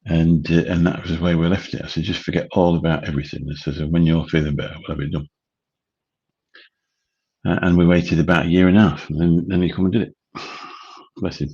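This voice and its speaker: A man's voice: sits low, steady tone, a little fast, mellow, husky, lo-fi sound. A man, rambling casually as host of a late-night livestream chat. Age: 50s. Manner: rambling, chatty, swears casually. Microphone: studio mic through a mixer.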